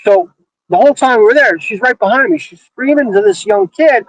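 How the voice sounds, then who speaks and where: A man with a lively voice and a slightly high pitch chats in casual banter. He swears often and stumbles over his words, and the recording is close and dry. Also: no room sound, rough recording. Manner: profane, halting, repeats his words. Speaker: podcast co-host.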